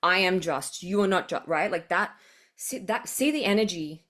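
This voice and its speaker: A woman's voice: lowish voice, animated, moderate pace, a bit bright. A woman hosting a podcast, giving a rambling spiritual monologue, full of fillers and blunt swearing. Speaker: podcast host.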